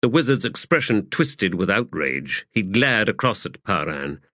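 A man narrating a fantasy audiobook in a measured, expressive way on a close studio mic. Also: lowish voice, dry recording.

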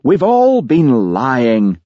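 Gloomy hard-drinking detective, snarling and self-pitying, read by a man, dark husky tone. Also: on the low side, sing-song, moderate pace, no echo, muffled recording, pitched above the performer's own voice. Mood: anguished. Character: gruff hard-drinking male Scottish detective, morose.

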